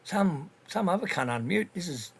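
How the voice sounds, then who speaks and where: A man's voice: high-pitched, expressive, moderate pace, vocal fry, slightly rough. An Australian man in casual voice chat, talking bluntly with slang and heavy swearing. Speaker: livestream voice chat participant.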